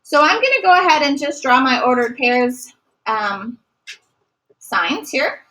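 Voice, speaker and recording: Woman math teacher, high bright voice, asks and answers her own questions. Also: expressive, measured pace, slight background noise, low-quality recording. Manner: asks questions and answers them herself, praising. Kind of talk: recorded classroom math lesson.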